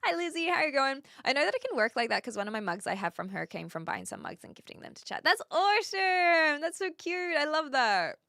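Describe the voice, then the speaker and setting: Bright, lively young woman streamer. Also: high voice, fairly quick, creaky, few pauses, dry recording, clean studio sound. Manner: chatty, laughs often, greets viewers by name. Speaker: livestream host. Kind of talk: casual livestream chat, reading viewer comments.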